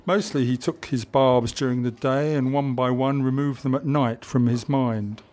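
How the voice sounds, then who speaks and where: A man reading a historical adventure novel aloud in measured audiobook narration. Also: medium pitch, steady tone, a little mellow.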